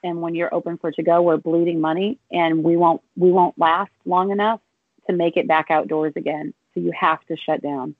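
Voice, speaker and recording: A middle-aged woman, a restaurant and bar owner, speaking haltingly and close to tears, restarting her sentences often. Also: on the low side, steady tone, dry recording. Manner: tearful, halting, many restarts. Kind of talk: emotional interview over the phone. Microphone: phone. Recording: tinny dry phone line.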